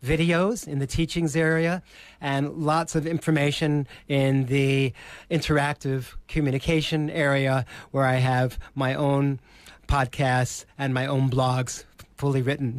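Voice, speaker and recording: Slow, emphatic Australian man coaching. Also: fairly high pitch, dry recording. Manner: slow, theatrical, emphatic delivery. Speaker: presentation coach. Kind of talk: podcast interview.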